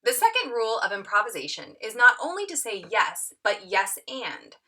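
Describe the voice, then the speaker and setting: Woman teacher, bright voice, animated reading, acts out quotes, tutorial. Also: a little high, moderate pace. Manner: lively, expressive reading with acted-out quotes.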